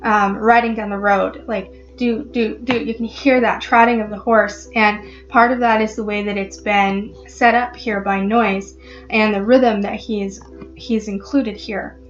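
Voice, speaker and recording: A woman vlogger explaining a poem in a casual, halting way, with many ums and restarts. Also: mid-range voice, fairly even intonation, lo-fi sound, soft background music. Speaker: literary vlogger.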